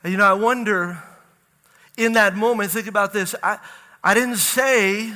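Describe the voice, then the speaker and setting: A middle-aged man, preaching a sermon and telling a story with animated, acted-out dialogue. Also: high-pitched, normal speed. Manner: animated storytelling, acts out panicked dialogue, laughs at own jokes. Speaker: pastor. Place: large church hall. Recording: reverberant church hall.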